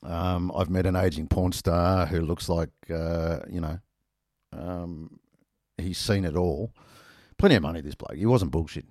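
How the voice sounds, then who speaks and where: A man's voice: sits low, unhurried, a little mellow, dry recording, clean studio sound. A middle-aged Australian man telling a rambling, self-mocking anecdote in casual chat, full of ums and uhs.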